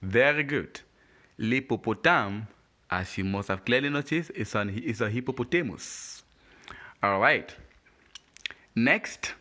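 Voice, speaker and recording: A man teaching French pronunciation letter by letter, patient and deliberate. He says each word, asks the listener to repeat it, and praises them. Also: mid-range voice, pushed and bright. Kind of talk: slow, deliberate language lesson.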